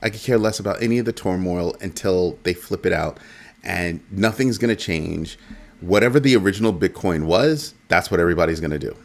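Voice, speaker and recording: Low-voiced new guy doing a casual crypto talk show, jokey and animated. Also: fairly quick, vocal fry. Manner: animated, repetitive, jokey asides. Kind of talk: casual commentary.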